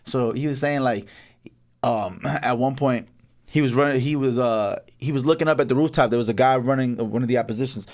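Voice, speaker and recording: A young man co-hosting a podcast, telling stories in a casual, profane, animated way with frequent laughs. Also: mid-range voice, fairly quick. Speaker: podcast co-host. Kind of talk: casual chat.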